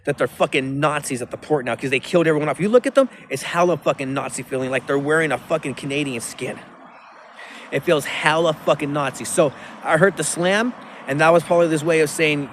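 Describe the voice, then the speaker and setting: A man's voice: a little high, brisk, a little hiss or hum. A man rambling profanely into his phone outdoors by a river, with many restarts. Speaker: vlogger.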